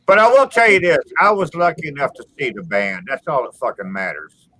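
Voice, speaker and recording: A man's voice: medium pitch, animated, pushed and bright, poor audio. A man hosting a casual group video chat, rambling and swearing with many restarts. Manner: profane, rambling, halting restarts.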